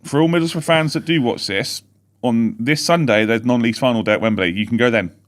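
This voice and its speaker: A man co-hosting a football fan podcast from home, telling match events in a rapid, rambling way. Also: medium pitch. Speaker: podcast co-host. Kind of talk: casual live-stream chat.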